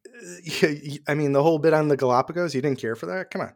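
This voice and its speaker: A man's voice: on the high side, fast talker, creaky. A man co-hosting a casual movie podcast, laid-back and joking.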